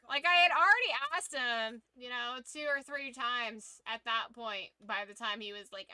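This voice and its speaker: A young woman streamer in casual chat, telling a story in a lively, profane way. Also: fairly high pitch, normal speed, hardly any pauses, dry recording.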